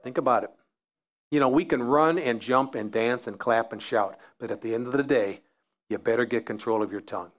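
A man's voice: mid-range voice, a little fast. Man preaching with repeated emphasis. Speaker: pastor. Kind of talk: sermon.

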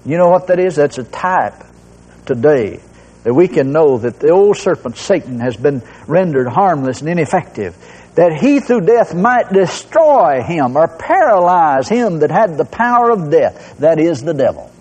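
A man preaching a sermon in an animated way, his voice jumping high when he drives a point home. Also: measured pace, breathy edge. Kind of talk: recorded sermon. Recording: long hall reverb.

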